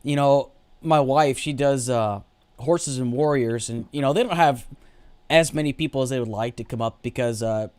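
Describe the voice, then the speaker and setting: A man hosting an interview, speaking earnestly and haltingly with many fillers. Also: mid-range voice, darkish tone. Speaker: host. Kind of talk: casual interview chat.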